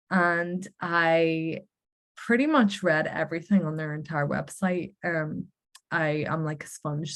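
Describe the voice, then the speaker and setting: Earnest Northern Irish woman sharing testimony. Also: on the low side. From Northern Ireland. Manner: earnest and heartfelt, with faith-filled emphasis. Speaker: Christian speaker sharing her testimony. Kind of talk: personal testimony talk.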